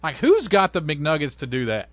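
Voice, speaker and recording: A man in his thirties co-hosting a sports radio show in the studio, telling stories in a casual, animated way and acting out quotes. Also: a little high, moderate pace, dry recording. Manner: animated storyteller, acts out quotes.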